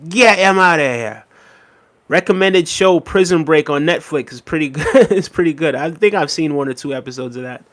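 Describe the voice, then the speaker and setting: A man hosting a live stream, reading viewer comments aloud and answering in a relaxed, chatty way with lots of "um" and "you know what I mean". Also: on the high side, fairly quick, few pauses. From Jamaica.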